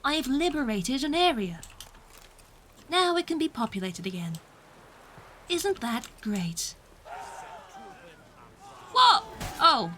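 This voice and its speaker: A woman's voice: sits high, big pitch swings, slow, long pauses, a bit bright, a little hiss or hum. A young British woman streaming a game, chatting casually, mocking herself and laughing often. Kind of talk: casual gameplay commentary.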